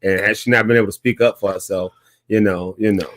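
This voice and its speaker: A man's voice: lowish voice, steady tone, quick pace, fairly bright tone, no room sound. A man hosting a talk show, backing up his guest with short affirmations and brief comments. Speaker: show host.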